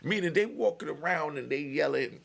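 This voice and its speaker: Hosting his own show, a man casually tells a long prison story, animated and digressive, laughing often. His voice is fairly high and creaky, at normal speed.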